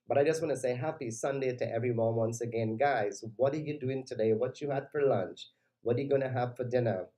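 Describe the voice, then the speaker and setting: A man's voice: medium pitch, dark tone, low-quality recording. A man DJ hosting a casual live stream, chatting with viewers, greeting them by name and reading their comments aloud. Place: lives in New York.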